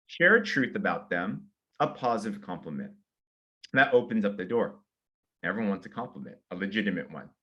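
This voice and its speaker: An energetic man runs a sales training session and talks listeners through simple numbered steps. He acts out sample invitations in a friendly, upbeat way. His voice sits in the middle range for a man. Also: mid-range voice. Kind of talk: motivational training talk.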